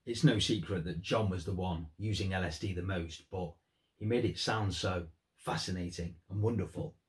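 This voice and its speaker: A man's voice: deep voice, moderate pace. A man giving earnest, thoughtful commentary on song lyrics in a vlog. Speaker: music vlogger.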